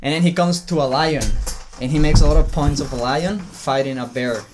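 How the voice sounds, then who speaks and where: A man who is a guest on a podcast, talking in casual chat, excitable and swearing freely, often trailing off and restarting. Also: a little high, brisk, noisy background.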